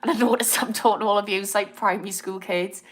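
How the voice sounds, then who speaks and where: A woman's voice: mid-range voice, steady tone, fast. A young woman with a Northern English accent, hosting a live stream and chatting casually while reading out viewer comments. She is apologetic and encouraging and laughs easily. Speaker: livestream host.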